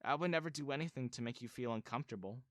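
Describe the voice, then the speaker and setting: A man voicing a young stepmother who speaks gently and calmly. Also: mid-range voice, racing, no room sound, studio quality, close to an everyday voice. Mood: gentle calm. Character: young stepmother, sweet and calm.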